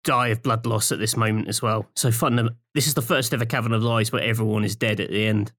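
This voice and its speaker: A man's voice: on the low side, fairly even intonation, quick pace, a bit bright. A man co-hosting a podcast, chatting casually with incredulous reactions and frequent laughter. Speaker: podcast co-host. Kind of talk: casual comedic chat.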